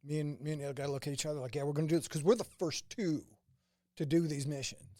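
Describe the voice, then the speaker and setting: Animated man telling war stories. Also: on the high side, fast, no room sound. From St. Louis, US. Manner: animated anecdotes, quoting others in dialogue. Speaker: veteran guest, former combat medic. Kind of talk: casual storytelling interview.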